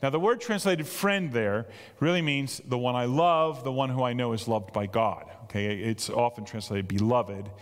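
A man preaching a sermon as pastor, talking in an animated, emphatic way that climbs to excited peaks. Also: mid-range voice, moderate pace. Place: large church hall. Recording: long church reverb.

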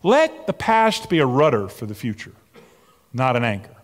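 Animated male preacher in a reverberant hall. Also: mid-range voice, normal speed. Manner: animated preaching, swinging from loud emphatic peaks to soft near-whispers. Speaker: pastor. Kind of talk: sermon.

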